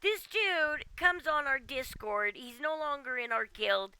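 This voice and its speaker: Exasperated high-voiced woman streamer, gravelly. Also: animated, measured pace, bright, forceful tone. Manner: exasperated, keeps tagging "okay?". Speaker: game streamer. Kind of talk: casual livestream rant. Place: at home.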